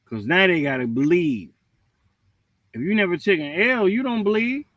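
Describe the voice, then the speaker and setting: Animated preachy man ranting. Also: high-pitched, moderate pace, dry recording. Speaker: livestream host. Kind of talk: casual preachy rant.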